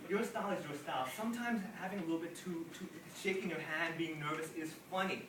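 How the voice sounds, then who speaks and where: Male comedy workshop teacher, lively and joking, slightly high voice, distant mic in a roomy, noisy room. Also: fast talker. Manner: lively, joking, acts out examples. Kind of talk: animated workshop talk. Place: room with a live audience.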